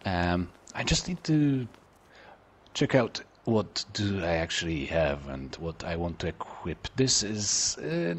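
A man's voice: lowish voice, slight background noise. A man hosting a let's play, chatty, joking and self-deprecating, talking back to the game's characters. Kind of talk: casual game commentary.

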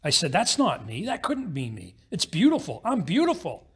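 Man, pastor, sermon, high-pitched, husky, storytelling. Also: huge pitch swings, fairly bright tone. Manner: storytelling with quick acted-out voices in the parable.

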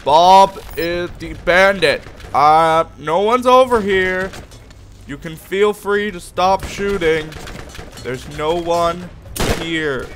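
A man voicing a bluffing male bandit who loudly insists no one is around. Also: sits high, takes it slowly, a little hiss or hum. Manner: loud, insisting no one is there. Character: bluffing male bandit posing as someone else.

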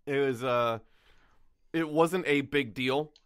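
A man's voice: medium pitch, fairly bright tone, clean tone, no echo, clean studio sound. A man co-hosting a podcast, chatting casually in a rambling way with laughs. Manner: rambling, laughing, quick asides. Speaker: podcast co-host. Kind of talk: casual chat.

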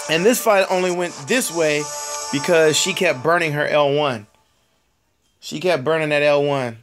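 Hoarse, chatty gaming commentator. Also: male voice, on the high side, a bit bright. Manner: chatty, laughs at himself, talks to viewers. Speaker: mobile game commentator. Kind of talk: casual gameplay commentary. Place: home.

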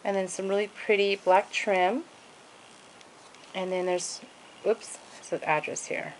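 A woman at home holds up craft pages one by one and gushes over every detail, with lots of "um" and "and then". Her voice sits at an ordinary middle pitch. A faint hiss of noise runs under the recording. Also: fairly even intonation, measured pace, rough recording. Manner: gushing, many fillers and "and then". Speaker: craft vlogger showing swap pages. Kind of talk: casual show-and-tell.

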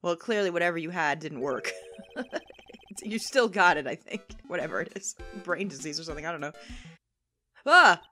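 A woman hosting a let's play, reacting with excited exclamations and frequent laughter while reading the game aloud. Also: low voice, brisk. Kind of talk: video game commentary. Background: faint game music.

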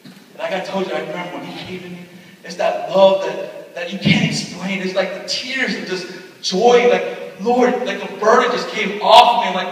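A young man preaching a sermon, telling a personal story and acting out what people said, going from loud excitement to hushed speech. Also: sits high, moderate pace. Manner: storytelling with acted-out quotes. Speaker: pastor. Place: large hall at a retreat. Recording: echoey hall from far off.

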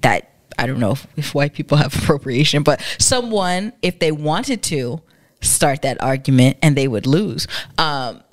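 A woman's voice: low voice, expressive, moderate pace, no room sound. A woman in her thirties from Massachusetts, with a Worcester accent, co-hosting a podcast in casual chat and thinking aloud with many restarts. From Massachusetts, United States. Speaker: podcast co-host. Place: home.

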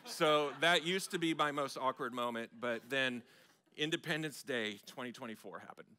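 A man, preaching a sermon as a pastor and telling self-mocking stories in an animated way. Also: mid-range voice, moderate pace. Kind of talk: storytelling sermon. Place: church sanctuary.

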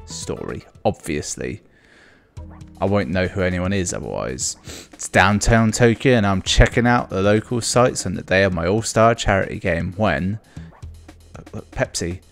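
A man's voice: sits low, lively intonation, moderate pace, vocal fry, soft background music. A man giving casual let's play commentary on a video game, with dry, sarcastic asides.

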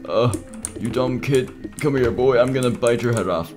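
A man's voice: mid-range voice, normal speed, over music, pitched above the performer's own voice, close to an everyday voice. A man voicing a menacing male animatronic from a game video, growling rambling threats at a kid. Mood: angry. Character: menacing male animatronic who eats kids.

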